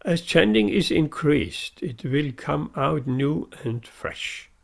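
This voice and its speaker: A man's voice: a little high, lively intonation, slow, creaky. A man giving a devotional sermon, earnest and emphatic, repeating his key phrases. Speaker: preacher.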